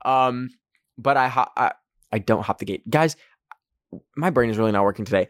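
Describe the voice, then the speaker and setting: A man's voice: medium pitch, moderate pace, no room sound, studio quality. A young man from Canada hosting a podcast, telling a casual story with lots of "like" and acted-out quotes. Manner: animated, heavy use of "like", acts out quotes in raised voices. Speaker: podcast host.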